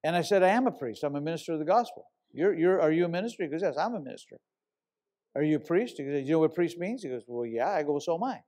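A pastor telling a long personal story in a sermon, animated and casual, sometimes bursting into loud shouts. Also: male voice, a little high, fast talker.

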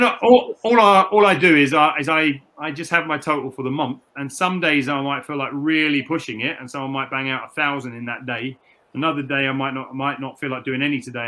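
Bright-voiced British man reflecting in an interview. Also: mid-range voice, fairly even intonation, brisk. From United Kingdom. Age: middle-aged. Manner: reflective, repeats words and restarts often. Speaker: interview guest, personal trainer. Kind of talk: candid interview conversation.

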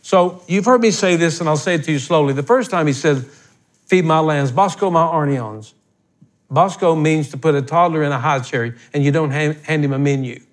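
A man's voice: on the high side, normal speed. An older man preaching a sermon as pastor, talking in a folksy, blunt way that swells into emphatic outbursts.

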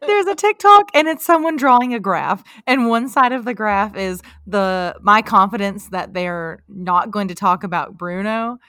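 A woman's voice: medium pitch, animated, unhurried, few pauses, sharp tone, dry recording, clean studio sound. A woman co-hosting a casual podcast, enthusiastic and gushing. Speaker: podcast co-host.

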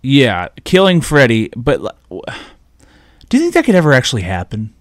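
A man chatting casually and recapping a movie, rambling and giggling, putting on high silly voices for the characters. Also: wildly swooping pitch, normal speed, dry recording, studio quality.

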